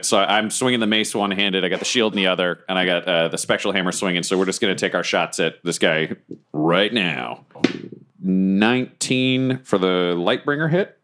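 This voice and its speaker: A man's voice: deep voice, normal speed. A man playing in a tabletop game, casually and playfully describing his character's actions and calling out his rolls. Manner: animated and playful, declaring actions and dice rolls. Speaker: player.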